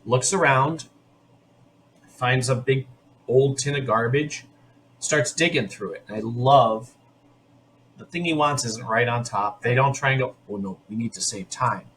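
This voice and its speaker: A man hosts a podcast, talking through an episode in a loose, opinionated way. His voice sits in a middle range, and he talks in quick bursts, often restarting his sentences. A faint hiss of noise sits under the recording. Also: medium pitch, fairly bright tone. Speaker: podcast host. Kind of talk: casual episode recap.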